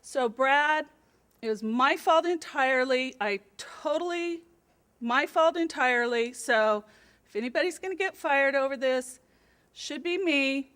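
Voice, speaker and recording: A middle-aged woman telling a story to her office staff in a chatty, animated and self-deprecating way. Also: high-pitched, unhurried. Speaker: office administrator. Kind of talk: casual storytelling to camera.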